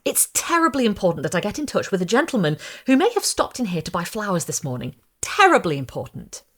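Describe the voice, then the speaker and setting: A woman's voice: medium pitch, huge pitch swings, quick pace, a bit bright. A woman voicing an anxious young woman who is searching for her missing groom, talking in a pleading, breathless and politely desperate way.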